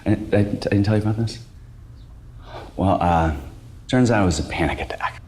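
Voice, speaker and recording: An actor playing a washed-up, anxious middle-aged stand-up comic who talks in a halting, stammering, self-deprecating way. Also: male voice, on the low side, a little mellow, lightly acted. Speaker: stand-up comic pitching a show.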